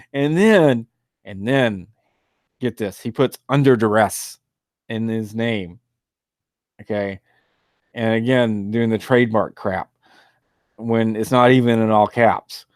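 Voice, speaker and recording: A man hosting a talk show in a loose, rambling monologue, often breaking into laughter. He sounds exasperated and mocking at a mid pitch, recorded dry and close with no room sound. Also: a little slow, a little mellow, dry recording. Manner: loose and rambling, with many fillers. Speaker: talk radio host. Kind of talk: casual monologue.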